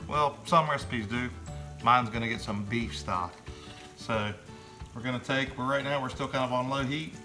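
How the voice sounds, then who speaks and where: A man narrating his home cooking in a relaxed, chatty way, with many fillers. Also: mid-range voice, normal speed, faint music behind. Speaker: home cook.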